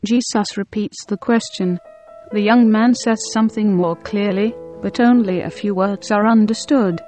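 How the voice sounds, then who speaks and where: A woman's voice: mid-range voice, steady tone, moderate pace, darkish tone. Woman solemnly reading a devotional story. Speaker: narrator. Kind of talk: scripted narration of a devotional story. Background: faint instrumental music.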